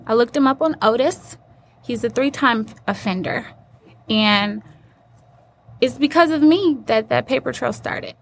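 A woman with a fairly high voice tells her own story as an interview guest. She is earnest and acts out the people she quotes. Faint background noise sits under the voice. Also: measured pace, creaky, long pauses.

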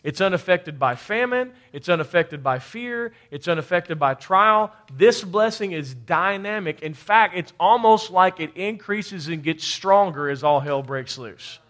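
High-voiced preaching man. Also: lively intonation, a little slow, few pauses, a bit bright. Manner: call-and-response preaching, rising to emphatic bursts; repeats words while building a point. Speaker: pastor. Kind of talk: sermon.

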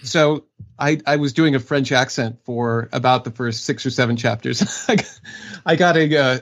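A man's voice: mid-range voice, moderate pace, fairly bright tone. A man in a middle register talks about his audiobook work. His delivery is chatty and loose, with easy laughs between thoughts. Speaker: audiobook narrator. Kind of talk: casual interview talk.

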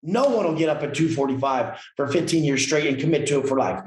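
A man's voice: a little high, fast, roomy sound, a little hiss or hum, rough recording. A man telling his story as a podcast guest, emphatic, blunt and full of profanity. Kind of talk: casual interview storytelling.

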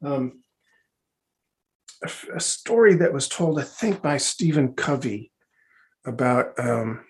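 A man's voice: medium pitch, expressive, slow, long pauses. A man working as a hypnotherapist, answering interview questions in a chatty, rambling way with many restarts and asides, over a video call.

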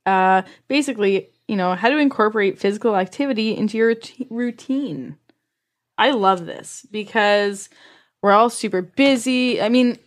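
A woman co-hosting a podcast in a casual chat, candid and swearing freely, often laughing. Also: medium pitch. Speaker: podcast co-host.

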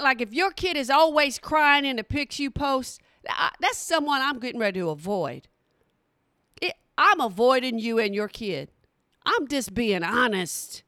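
A woman's voice: sits high, animated, moderate pace, sharp tone, no echo, studio quality. A middle-aged woman, talking bluntly and playfully straight to her audience in a casual comedic monologue. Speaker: vlogger.

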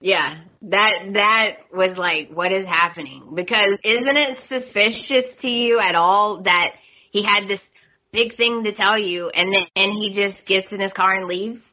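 A woman's voice: medium pitch, a little slow, sharp tone, dull audio. A woman hosting a podcast, chatting casually with exasperated opinions. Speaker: podcast host. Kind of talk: casual recap chat.

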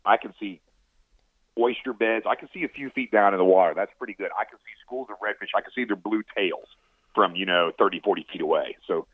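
Low-voiced man on a tinny phone line. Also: brisk, breathy edge, dry recording. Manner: steady, plain-spoken, practical. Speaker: fishing charter captain giving a report. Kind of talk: casual fishing report.

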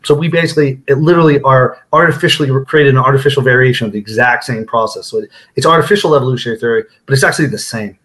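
A man on a podcast as the guest author, laying out his ideas with confidence. He talks quickly in a mid-range voice, hurrying from point to point. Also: mid-range voice, fairly bright tone. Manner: rapid, explanatory, confident. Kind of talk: casual interview chat.

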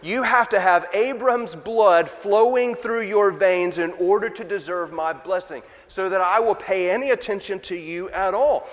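A man preaching in a church, acting out a stern male teacher, slow and emphatic, with a long reverb behind him. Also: high-pitched, fairly bright tone, pitched above the performer's own voice.

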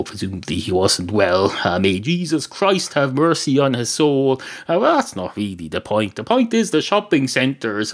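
An Irish man hosting a solo podcast, rambling through digressions with dry, self-mocking humor. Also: on the high side. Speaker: podcast host.

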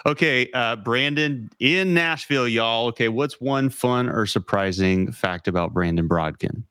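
A man's voice: mid-range voice, a little slow, fairly bright tone, no echo. Male host, jokey and upbeat, dry close mic on a call. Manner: playful, jokey. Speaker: podcast host. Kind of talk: casual interview hosting. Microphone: video call.

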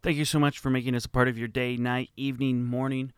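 Man, smooth clear voice, mid pitch, friendly podcast host, dry sound. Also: level tone, fast, no echo. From Midwest of the United States. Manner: friendly, upbeat, with some stumbles. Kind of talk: casual chat.

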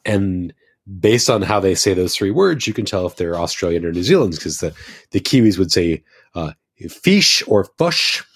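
A man's voice: low-pitched, animated, moderate pace, darkish tone, slightly rough. An American man in casual podcast chat, an enthusiastic and rambling storyteller. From United States.

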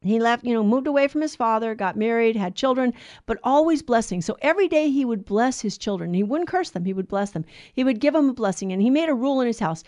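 A woman telling a moral story in a casual, animated way, acting out the characters' lines. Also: on the high side, quick pace, no echo. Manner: animated, acts out the lines, many restarts.

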